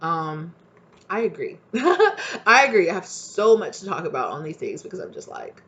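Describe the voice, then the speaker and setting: A woman's voice: low voice, very animated, moderate pace, lo-fi sound. A young adult woman, a tarot reader, talking casually to camera in a heated, passionate rant with swearing.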